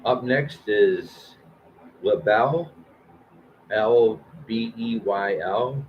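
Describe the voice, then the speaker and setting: A man in his fifties hosts a live-stream music show, reading new album blurbs aloud with frequent "uh"s, "um"s and restarts. His voice is low and slow-moving. The audio is slightly dull, with a faint hiss beneath it.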